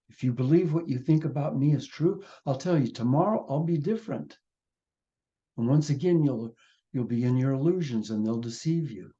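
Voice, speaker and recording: A man leads a gentle spiritual reflection, slow and mellow, often repeating his phrases. His voice comes over a video call, so the sound is muffled and lo-fi. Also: mid-range voice. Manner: gentle, repetitive, meditative. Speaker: spiritual teacher and host. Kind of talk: sermon-like reflection and reading.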